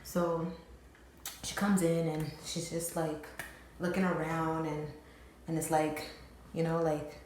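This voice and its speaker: A woman's voice: deep voice, takes it slowly, long pauses. Slangy young woman in a very echoey room. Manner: slangy, profane, animated retelling with lots of "like". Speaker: storytime vlogger. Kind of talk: casual storytime chat. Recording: very echoey room, faint noise.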